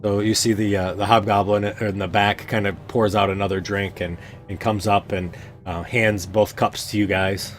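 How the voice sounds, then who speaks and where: A man narrating as game master of a tabletop game, relaxed and halting with many fillers. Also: fairly low pitch, faint music behind.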